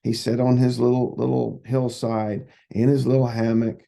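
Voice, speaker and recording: A man's voice: medium pitch, flat delivery, normal speed, creaky, warm tone. A man who works as a psychotherapist, giving folksy, casual advice and telling stories. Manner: folksy, repetitive, storytelling.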